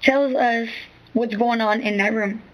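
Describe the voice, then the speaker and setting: A woman giving a witness statement recounts events to an interviewer in street slang, rambling and repeating "you know what I'm saying." Her voice is a little high and steady at a measured pace, and the audio is poor.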